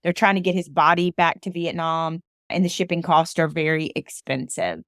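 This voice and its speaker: A woman's voice: low voice, steady tone, moderate pace, fairly bright tone, no echo, clean studio sound. A woman from Alabama giving a personal storytelling talk, emphatic and repeating phrases for emphasis. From Alabama, USA. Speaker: motivational speaker.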